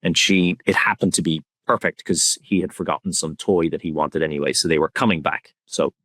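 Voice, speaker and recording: A man speaking as a podcast guest, talking in a soft, reflective and candid way in a relaxed conversation. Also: low-pitched, a little fast, no echo.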